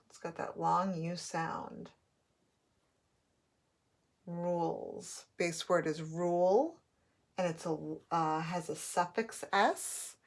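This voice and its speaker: A woman teaching a phonics lesson to young students, sounding out letters and words slowly and clearly as she writes on a board. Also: lowish voice.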